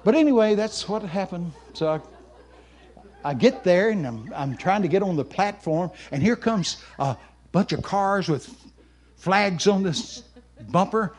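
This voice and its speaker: A man preaching at a camp meeting with a fairly high voice. He tells his story with great animation, sometimes breaking into shouts and laughter. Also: expressive, unhurried. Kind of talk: storytelling sermon.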